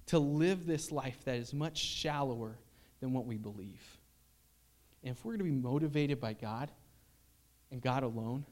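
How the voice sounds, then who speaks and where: A man's voice: fairly high pitch, a little mellow. A man preaching a sermon in an earnest, conversational way, telling personal stories and asking rhetorical questions. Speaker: pastor.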